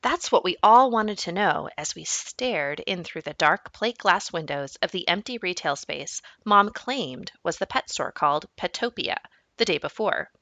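A woman's voice: on the low side, animated, a little slow, a bit bright, dry recording. A woman reading a children's book aloud as a teacher, narrating expressively. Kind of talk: storybook read-aloud narration.

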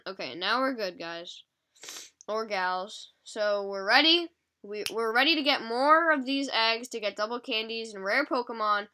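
A woman with a stuffy, sniffly nose giving casual, excitable gameplay commentary to her viewers. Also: a little high. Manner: chatty, excitable, talking to viewers. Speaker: mobile game channel host.

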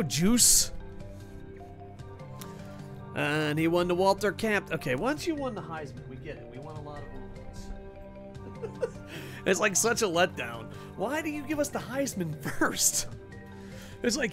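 Gravelly excitable male game streamer. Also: fairly high pitch. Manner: excitable, swearing, joking with chat. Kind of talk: live game streaming commentary.

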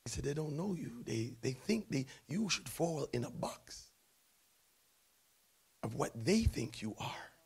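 A man preaching a sermon in church, swinging from hushed tones to loud shouting. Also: on the high side, very animated, unhurried, long pauses, husky. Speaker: pastor.

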